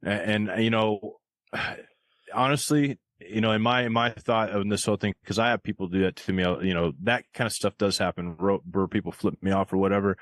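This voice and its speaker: Male podcast host, lowish voice, casual rambly delivery, dry recording. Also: steady tone, moderate pace, dry recording. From rural area of the United States. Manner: rambling, lots of fillers. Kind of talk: casual chat.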